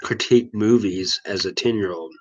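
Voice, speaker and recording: A man from Missouri hosting a casual live stream. His voice sits a little low, and he rambles along easily and chuckles as he reads and answers viewer comments. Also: moderate pace, darkish tone, dull audio, slight background noise. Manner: laid-back, rambling, chuckles often. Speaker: livestream host.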